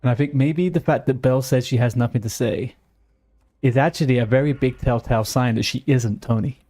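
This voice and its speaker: A man's voice: mid-range voice, fairly quick, dark tone. Chatty British man streaming a game. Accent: British English. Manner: chatty, easily distracted, playful banter. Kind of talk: casual chat with live chat while gaming.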